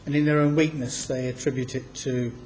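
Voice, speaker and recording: A man teaching from the Bible, reading passages aloud and slowing down to stress key words. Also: medium pitch, level tone, darkish tone, slight background noise. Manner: emphatic, slows down to stress quoted scripture. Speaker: preacher.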